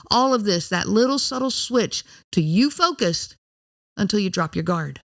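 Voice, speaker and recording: A woman's voice: medium pitch, lively intonation, normal speed, vocal fry. A woman hosting a podcast, explaining in an earnest, direct way and speaking straight to the listener. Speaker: podcast host.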